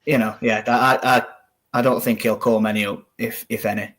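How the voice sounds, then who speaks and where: A man's voice: lowish voice, steady tone, normal speed, fairly bright tone. A man co-hosting a football watch-along, chatting and calling the live play. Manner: conversational, calls the live play as it happens. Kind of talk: casual football chat and live match commentary.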